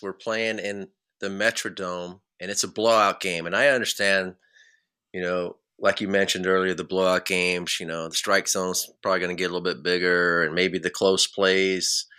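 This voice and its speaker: A man's voice: low-pitched, moderate pace, smooth. A middle-aged man, a podcast host and former ballplayer, telling stories in a casual chat and often laughing. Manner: animated storyteller who breaks into laughter.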